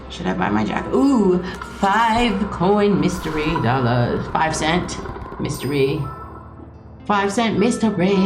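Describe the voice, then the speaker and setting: A woman's voice: fairly low pitch, sing-song, takes it slowly. A woman streaming a video game, chatting casually in rambling, playful asides. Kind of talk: casual gameplay commentary. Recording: echoey room with game music.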